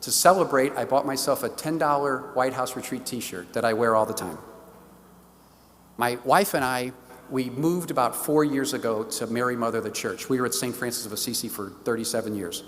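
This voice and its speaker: A man's voice: medium pitch, fairly quick. A middle-aged man with a St. gives an enthusiastic, story-filled talk to a parish and acts out the conversations he tells. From St. Louis, Missouri. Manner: animated, enthusiastic storyteller who acts out the dialogue. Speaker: diocesan stewardship director giving a parish talk. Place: church. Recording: long reverb of a church hall.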